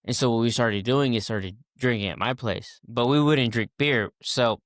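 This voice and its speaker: A man's voice: medium pitch, moderate pace, dry recording, clean studio sound. A man in his twenties, a podcast guest, telling a casual story and acting out the people in it with many fillers and restarts.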